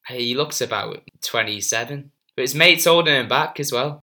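Bright-voiced man, animated chat. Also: medium pitch, normal speed. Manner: laughing, animated, swearing. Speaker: podcast co-host. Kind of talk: casual chat.

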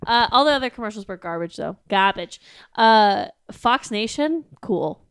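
A woman's voice: fairly high pitch, lively intonation, normal speed, fairly bright tone, clean tone, dry recording, clean studio sound. A woman chatting casually as a podcast co-host, wry and blunt, swearing casually and laughing often. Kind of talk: casual chat.

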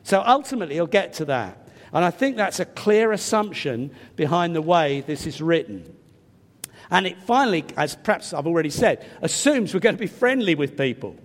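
An older English man preaches in a high, lively voice that climbs and dips a lot as he tells a chatty, self-deprecating story. His nose sounds a little stuffy. The sound carries a long reverb from a large hall. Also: moderate pace. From England. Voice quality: slightly stuffy nose from a cold. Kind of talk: sermon with personal anecdote.

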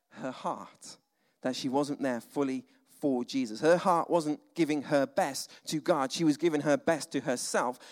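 A male preacher giving a conversational, animated sermon, full of asides and dramatic sighs. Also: fairly high pitch. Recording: long hall reverb.

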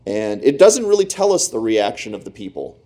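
Man, pastor, sermon, warm low tone, chatty asides to the congregation, loud-to-hushed swings. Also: fairly quick. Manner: animated storytelling, rising and dropping to near whispers; talks to the congregation directly with asides.

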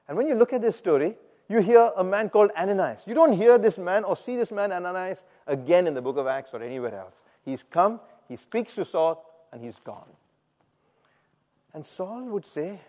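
A man preaching a sermon, who moves between loud, emphatic calls and quiet, reflective asides. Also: a little high, animated, moderate pace. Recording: long hall reverb.

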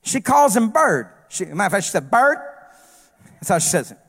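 High-pitched preacher guy, jokey sermon that ramps up to shouting. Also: very animated, quick pace, breathy edge, long reverb tail. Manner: humorous, rising to shouted preaching. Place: church stage.

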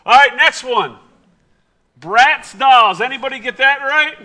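A middle-aged man, a pastor, running a quiz with his congregation and telling an animated, self-mocking story. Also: extremely high pitch, measured pace.

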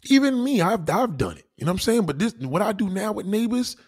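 Husky New York man ranting. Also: sits high, sing-song, fairly quick. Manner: heated, swearing, preachy. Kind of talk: profane rant to camera.

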